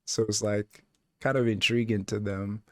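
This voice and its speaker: A man's voice: fairly low pitch, fairly even intonation, normal speed, fairly bright tone, no echo, studio quality. A man giving casual reaction commentary on a TV show, rambling in a laid-back way with many filler words. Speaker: reaction video host.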